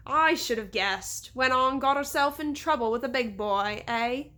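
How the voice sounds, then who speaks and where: Brief: cheeky rogue in a cell, slow, wry, slightly lowered, read by a woman. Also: bright, forceful tone. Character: roguish young Englishman in jail, smirking.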